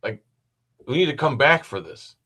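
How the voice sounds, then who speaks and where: A man with a bright, forward voice talks through a video in a loose, meandering way. He drops dry, sarcastic remarks as he goes, casual and unscripted. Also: mid-range voice, big pitch swings, moderate pace. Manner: rambling, sarcastic asides. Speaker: host.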